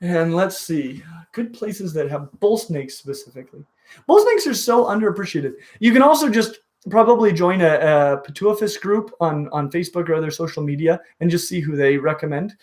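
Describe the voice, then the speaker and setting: A man hosting a casual reptile livestream, enthusiastic and full of halting restarts. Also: fairly high pitch, darkish tone. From dry western region. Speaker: reptile show host.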